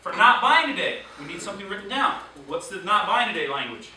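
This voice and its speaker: A man runs a sales training class, telling lively stories and quizzing his trainees. His voice is high-pitched and fast, recorded from afar in an echoey room with slight background noise.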